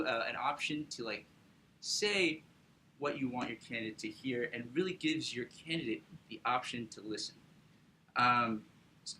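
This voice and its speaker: Bright-voiced young man pitching a startup. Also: slight background noise, poor audio. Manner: casual, upbeat, with frequent fillers and tag questions. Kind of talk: business pitch presentation.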